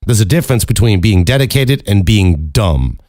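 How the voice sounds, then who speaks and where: Male podcast host, deep voice, dry booth sound, loose swearing ramble. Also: lively intonation, normal speed, darkish tone, no echo. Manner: candid, profane, rambling with frequent restarts. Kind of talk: casual solo podcast talk.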